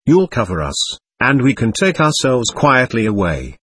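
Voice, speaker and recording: A man takes on a gaunt, half-starved soldier in a war story. He sneers and menaces, his voice husky. The sound is dry and close. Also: mid-range voice, sing-song, moderate pace, fairly bright tone, no room sound. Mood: scornful. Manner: sneering, roaring.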